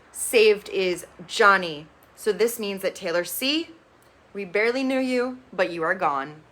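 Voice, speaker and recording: Woman, reality TV recap vlogger, bright voice, chatty, opinionated, blunt, casual swearing. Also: mid-range voice. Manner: chatty, gossipy storytelling with bursts of excitement.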